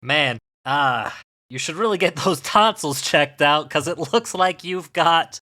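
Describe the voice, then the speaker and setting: A man's voice: fairly high pitch, measured pace, pushed and bright. A man co-hosting a comedy podcast, joking and chuckling with mock surprise. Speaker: podcast co-host.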